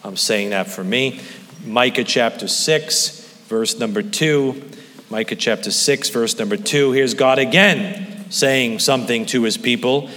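A man preaching a sermon in a church, earnest and animated, his voice climbing high for emphasis. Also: measured pace, in a large hall. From Staten Island. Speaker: pastor.

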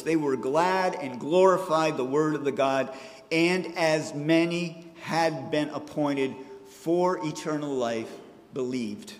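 A middle-aged man preaching with a fairly high voice for a man, mixing earnest teaching with relaxed, rambling asides. His words ring out with a long reverb off the walls of a church sanctuary. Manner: conversational, digressive storytelling with fillers. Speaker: pastor. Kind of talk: sermon.

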